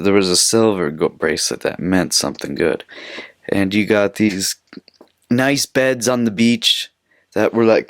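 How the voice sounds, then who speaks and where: A man's voice: fairly low pitch, no room sound, clean studio sound. A young man from Canada hosting a casual solo podcast, telling stories in a rambling, profane, chatty way. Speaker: podcast host.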